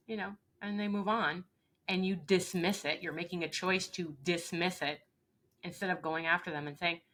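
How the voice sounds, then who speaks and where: A woman coach talking in an interview with a bright, forceful voice pitched a bit low. She speaks earnestly and with emphasis, and she often acts out short everyday exchanges to make her point. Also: steady tone, fairly quick. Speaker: leadership coach, guest. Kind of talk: interview conversation.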